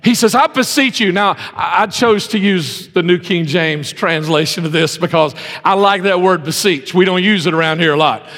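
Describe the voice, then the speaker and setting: A man preaching a sermon to his congregation, emphatic, swinging between loud pleas and hushed earnest lines. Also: high-pitched, normal speed, hardly any pauses. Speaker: pastor. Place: church service in a civic center. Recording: long hall reverb.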